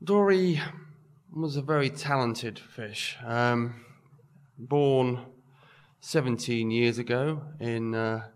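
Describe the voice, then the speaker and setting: A man improvising comedy in a hesitant, halting way with many pauses. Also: medium pitch, smooth. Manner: hesitant, halting, full of ums. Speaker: improv performer.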